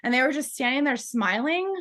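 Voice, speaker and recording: A woman guest telling a personal story in an interview, halting, with fillers and soft laughs, close to tears. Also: high voice, expressive. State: tearful.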